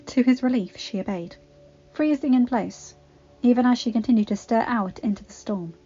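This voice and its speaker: A woman reading a fanfiction story aloud with expressive, dramatic narration. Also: fairly high pitch, normal speed, husky, highs cut off, soft background music. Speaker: fanfiction reader.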